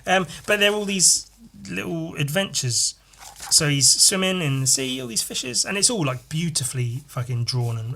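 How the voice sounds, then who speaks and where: A man hosting a casual solo podcast, swearing freely and telling a story panel by panel in an animated way. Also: fairly high pitch. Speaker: podcast host.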